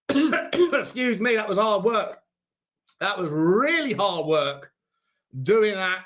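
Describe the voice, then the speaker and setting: A man's voice: sits high, big pitch swings, takes it slowly, pauses often, a bit bright. A man with an English accent hosting a casual livestream, playful and rambling, his throat strained and coughing. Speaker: host.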